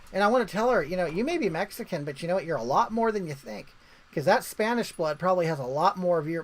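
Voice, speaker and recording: A woman's voice: mid-range voice, poor audio. A woman hosting a livestream in casual chat, rambling along and reading viewer comments aloud. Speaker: livestream host.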